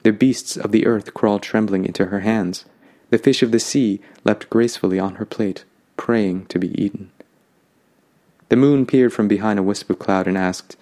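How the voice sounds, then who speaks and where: A man narrating a fantasy story in a calm, lyrical way. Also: on the low side, moderate pace.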